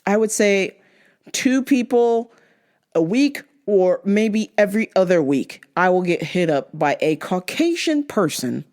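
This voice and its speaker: Animated, foul-mouthed woman host ranting. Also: a little slow. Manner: blunt and profane, big swings in pitch. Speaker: show host. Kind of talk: casual ranting storytelling.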